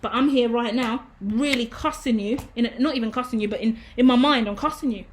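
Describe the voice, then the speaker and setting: A woman's voice: on the high side, fairly quick, a little hiss or hum. A woman giving a casual tarot reading, emphatic and preachy, swearing freely. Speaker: tarot reader.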